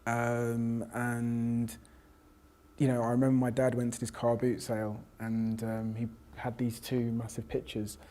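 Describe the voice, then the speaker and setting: Reflecting on his own story in conversation, a South London man who is a professor and panel guest speaks a little slowly in a mellow, monotone, mid-range voice. He frequently restarts and quotes what others said.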